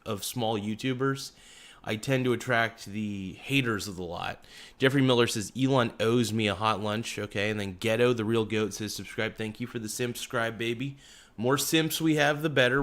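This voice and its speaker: Low-voiced man hosting a casual livestream. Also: fairly bright tone. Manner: joking, teasing banter with chat. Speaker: livestream host. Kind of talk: casual livestream chat reading comments.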